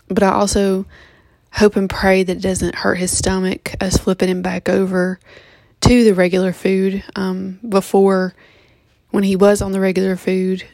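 A woman who has just woken up gives a casual home vlog update on her sick dog, talking haltingly with many ums and restarts. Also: medium pitch, gravelly, a little mellow, no echo. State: just woke up, yawning. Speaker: vlogger giving a pet health update.

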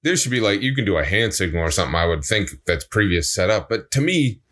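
A man with a low voice, joining a casual podcast over a video call. He sounds relaxed and easygoing, chiming in with quick agreement and trading opinions. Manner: relaxed, agreeable, drops in short backchannels. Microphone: remote video call.

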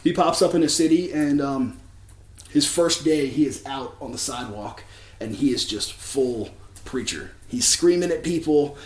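A man's voice: mid-range voice, normal speed, reverberant. A man telling a story in a casual sermon, chatty, with many fillers and restarts. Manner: chatty, filler-heavy, with many likes and ums. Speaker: preacher.

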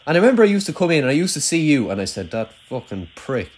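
A man's voice: fairly high pitch, very animated, very fast, a little mellow, slightly rough. A young Irish man who hosts, telling rambling, sweary, self-mocking stories in casual banter with an old schoolmate.

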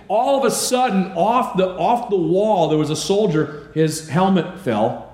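A man's voice: high voice, lively intonation, unhurried, darkish tone, reverberant. A man preaching a sermon as a pastor, asking the congregation questions and answering them himself.

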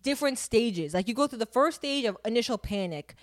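With a slightly high, expressive voice and a pace that's a little fast, a woman in her twenties tells a personal story on her podcast. She's candid and chatty, using plenty of fillers while storytelling vividly.

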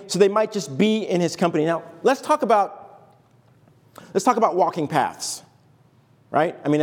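A male pastor delivers a sermon in a chatty, storytelling way, slipping into quoted voices as he goes. His voice sits high for a man. It rises and falls widely as he talks. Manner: conversational, animated, acts out quoted lines. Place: church sanctuary.

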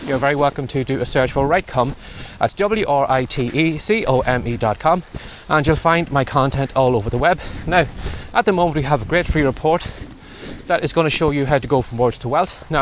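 A man hosting a casual walking vlog outdoors in the wind, slightly out of breath as he gives chatty advice. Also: a little high. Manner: chatty, advisory. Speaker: podcast host. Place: outdoors in strong wind and rain.

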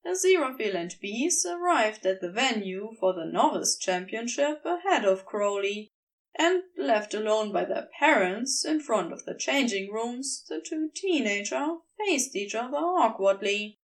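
Slow, expressive woman narrator. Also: on the high side, recorded from a distance. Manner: unhurried, expressive reading. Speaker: podfic reader. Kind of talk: storybook narration.

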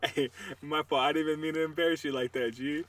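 A man co-hosting a sports podcast, chatting casually and telling animated, trash-talking stories. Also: on the high side, fast talker, far from the mic, crowd noise. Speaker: podcast co-host.

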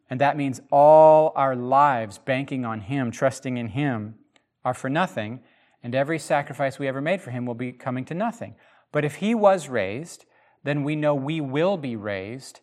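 A man teaching the Bible in a casual podcast chat, animated and emphatic, with frequent restarts. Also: mid-range voice, moderate pace.

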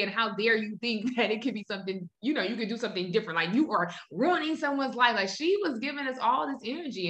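A woman's voice: medium pitch, fairly bright tone, lo-fi sound. A woman co-hosting a casual podcast, talking about a TV episode in an emphatic, insistent way. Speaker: podcast co-host. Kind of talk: casual chat recapping a TV episode. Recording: roomy echo.

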